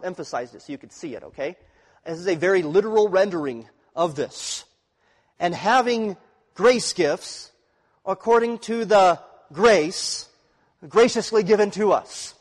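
High-voiced man preaching in a reverberant hall. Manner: teaching, checks in with listeners. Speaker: pastor. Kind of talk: expository sermon.

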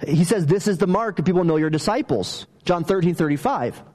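A pastor delivers a conversational, story-driven sermon, putting questions to his listeners. His voice sits high with lively intonation and a darkish tone, and he talks fairly quickly.

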